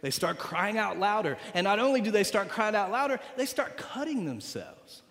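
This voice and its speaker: Dramatic preacher in a reverberant hall. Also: male voice, high-pitched, big pitch swings, moderate pace. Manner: dramatic, with big swings from loud to hushed; repeats phrases for emphasis. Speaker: pastor. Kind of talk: sermon. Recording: long reverb of a large hall.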